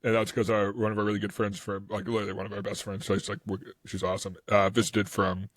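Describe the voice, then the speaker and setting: A man's voice: fairly low pitch, flat delivery, fast, dry recording, clean studio sound. A man co-hosting a podcast. He tells rambling stories in casual chat, laughs easily and acts out the people he quotes. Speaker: podcast co-host.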